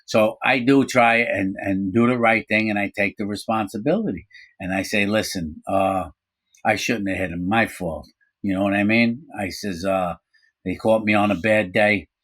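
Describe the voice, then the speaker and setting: Low-voiced man telling a story. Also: moderate pace. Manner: animated, acts out quoted voices, frequent fillers. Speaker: storyteller recounting his prison time. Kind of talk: casual storytelling.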